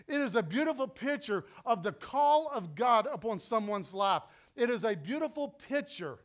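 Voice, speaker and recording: Man, West Texas accent, pastor, storytelling sermon, animated and emphatic, strikingly high-pitched.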